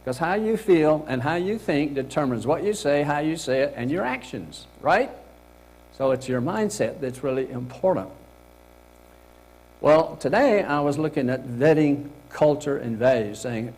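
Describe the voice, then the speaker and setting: A man's voice: a little high, animated, a little slow, darkish tone, poor audio. A middle-aged man presenting a career workshop to a group in a meeting room, speaking casually and acting out example lines with a laugh.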